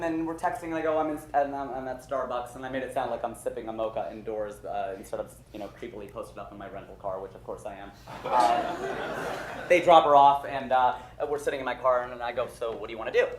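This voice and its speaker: A man in his thirties telling a long story as a stand-up comedian, getting loud at the punchlines. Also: medium pitch, a little fast. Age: 30s. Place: comedy club stage with a laughing audience. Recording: roomy live club with crowd laughter.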